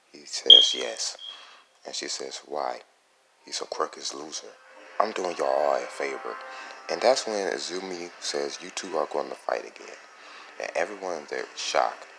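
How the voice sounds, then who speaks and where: Very deep gravelly man, casual fan storyteller. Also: background noise. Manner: rambling, self-correcting, halting. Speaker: YouTube storyteller. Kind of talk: casual fan-fiction narration.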